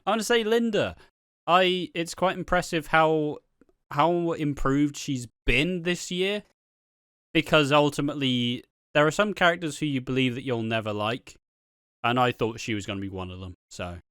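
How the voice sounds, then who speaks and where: A man co-hosting a casual TV review podcast, animated and sweary. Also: fairly high pitch, normal speed, clear, resonant tone, dry recording, studio quality. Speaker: podcast co-host. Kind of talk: casual chat.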